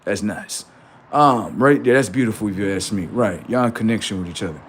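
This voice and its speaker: A man's voice: lowish voice, brisk, slight background noise. A man hosting a livestream, preaching in a confrontational way with rhetorical questions and street slang. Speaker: livestream host.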